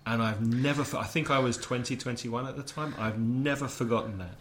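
A man with an English accent co-hosting a casual language-learning podcast, relaxed and self-deprecating, quick to laugh. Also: medium pitch, slight background noise. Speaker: podcast co-host teaching English phrasal verbs.

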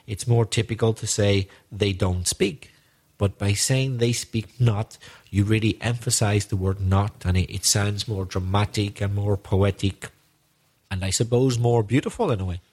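A man co-hosting an English-learning podcast, speaking in a thoughtful, measured way. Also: fairly low pitch, steady tone, a little mellow. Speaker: podcast co-host. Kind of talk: relaxed podcast talk explaining language.

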